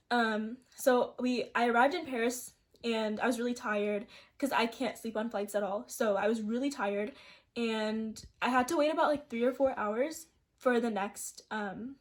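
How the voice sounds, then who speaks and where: A young woman from Seattle telling a story to camera in casual storytime style, rambling with lots of "like" and restarts. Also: on the high side. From Seattle, USA. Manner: rambling, full of "like" fillers and restarts. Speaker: vlogger.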